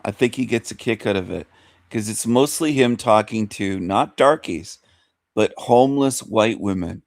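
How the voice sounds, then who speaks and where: A man's voice: lowish voice, moderate pace, dry recording. A man hosting a talk radio show, rambling through an opinionated monologue and repeating himself with rhetorical questions.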